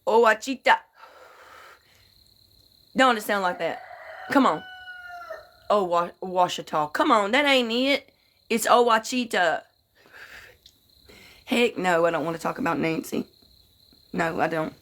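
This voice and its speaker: A woman's voice: on the low side, expressive, moderate pace, pauses often, fairly bright tone, slight background noise. A woman hosting a casual livestream who greets viewers by name, swears freely and tells rambling stories in a folksy way. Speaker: livestream host.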